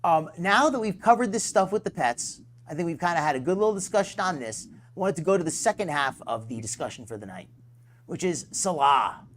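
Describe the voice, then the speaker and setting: A man's voice: a little high, animated, fairly quick, a bit bright, slight background noise. A man hosting a live stream, rambling and sarcastic, poking fun at himself. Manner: rambling, sarcastic, self-deprecating.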